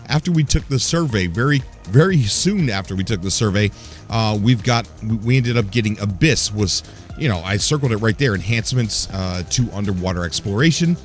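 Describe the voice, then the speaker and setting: A young man hosting his own gaming channel, talking casually and cheerfully to viewers with a grin in his voice and frequent fillers. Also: medium pitch. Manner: upbeat, smiling, rambling with fillers. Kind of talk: casual solo video commentary.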